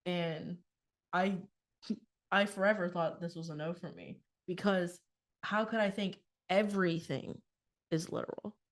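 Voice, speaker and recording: Her voice is fairly low, her intonation fairly even, and she's in no hurry. She's a twentysomething podcast co-host in casual conversation, reenacting past exchanges through quoted back-and-forth and frequent laughter.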